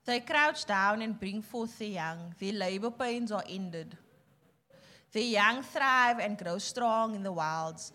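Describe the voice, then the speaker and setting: A woman reading scripture aloud in a steady, measured way during a sermon. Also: medium pitch. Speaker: scripture reader.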